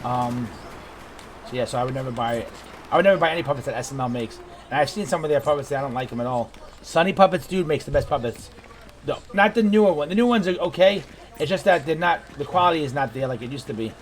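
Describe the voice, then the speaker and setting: A man chats loosely through his gameplay, wandering off topic and restarting his thoughts. His voice sits a bit higher than most men's. A clear noise bed runs under the recording. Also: expressive. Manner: rambling and digressive, halting. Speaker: gaming video creator. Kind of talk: casual gameplay commentary. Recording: background noise.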